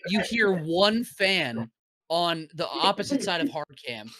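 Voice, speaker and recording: Podcast co-host, man, lively bright delivery, dry close mic. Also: sits high, unhurried, dry recording. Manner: animated, swearing freely. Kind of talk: casual chat.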